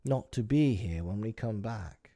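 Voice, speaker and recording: A man's voice: lowish voice, lively intonation, measured pace, mellow, dry recording, studio quality. A man reading aloud, voicing a cheeky, bossy young boy who exclaims a lot.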